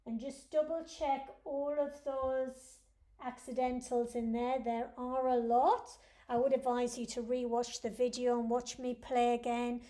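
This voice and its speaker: A woman's voice: a little high, little pitch movement, unhurried, dark tone. A woman piano teacher giving a lesson, patiently explaining each step to her students. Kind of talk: instructional lesson. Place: room with a piano. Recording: roomy echo with faint piano.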